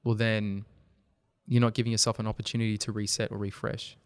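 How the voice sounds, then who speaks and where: Earnest man with a smooth voice. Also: lowish voice, fairly quick, dry recording. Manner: earnest, storytelling, animated when making a point. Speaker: podcast guest, video company founder. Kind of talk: casual conversational interview.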